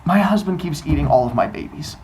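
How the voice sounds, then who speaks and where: A woman voicing an indignant young mother goddess, shrill and scolding. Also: animated, fairly quick. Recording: echoey room, noisy.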